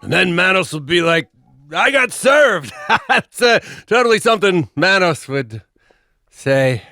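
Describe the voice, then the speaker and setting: A man's voice: high voice, expressive, creaky, pushed and bright, no echo, clean studio sound. A man cracking jokes over a movie as a comedy riffer. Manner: quick wisecracks with asides.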